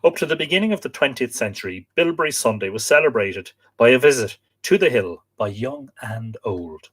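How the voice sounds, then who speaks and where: Irish male host, live-stream book reader, mid-pitched voice, chatty asides to viewers. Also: animated, fairly quick, fairly bright tone. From Ireland. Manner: spells out place names letter by letter, chatty asides to viewers.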